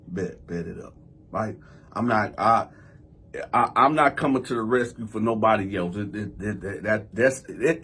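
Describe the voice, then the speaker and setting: A man's voice: mid-range voice, expressive, unhurried, a bit bright, slightly rough. A man hosting his own channel, telling a personal story in a loose, conversational way and acting out scenes with sound effects. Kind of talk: storytime vlog.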